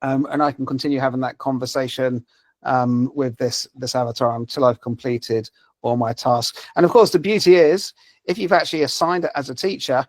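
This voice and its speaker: A man's voice: medium pitch, steady tone, brisk, no echo. A man presenting a language-learning app in a live webinar, talking over a video call with many fillers and restarts. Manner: hesitant, many fillers and repeated words.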